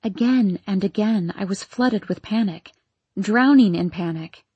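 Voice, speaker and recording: A woman narrating a novel in the first person, in a hushed, searching and anxious tone, close to the mic. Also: mid-range voice, measured pace, slightly rough, no room sound. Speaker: audiobook narrator.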